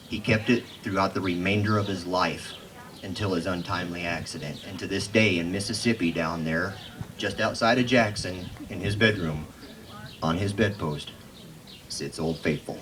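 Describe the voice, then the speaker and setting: A man's voice: low-pitched, normal speed, a bit bright, slight background noise. A middle-aged man, telling stories and reciting cowboy verse on stage in an easygoing, chatty way. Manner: folksy, easygoing, chatty with the crowd. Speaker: cowboy poet.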